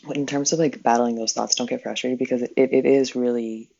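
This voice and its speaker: A woman's voice: a bass voice, fairly even intonation, a little fast, gravelly, warm tone, highs cut off, slight background noise. A woman hosting a live spiritual healing session in casual, rambling talk. She corrects herself often and chuckles along the way.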